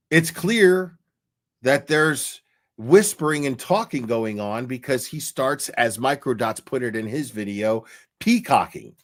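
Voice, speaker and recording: A man ranting in casual commentary on a stream, swearing a lot and acting out the people he talks about. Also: medium pitch. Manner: profane, animated, acts out quoted people.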